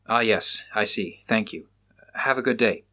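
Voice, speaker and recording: A man doing a brisk police officer. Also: lowish voice, bright, forceful tone. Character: determined male police officer.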